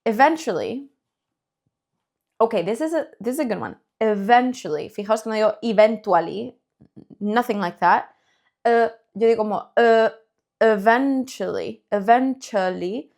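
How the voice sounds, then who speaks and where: A woman from Spain with a Spanish accent, teaching English pronunciation, stretching words out slowly to model them. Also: fairly high pitch, animated, darkish tone. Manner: slow drawn-out modeling of words, then quick explanations. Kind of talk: bilingual language lesson.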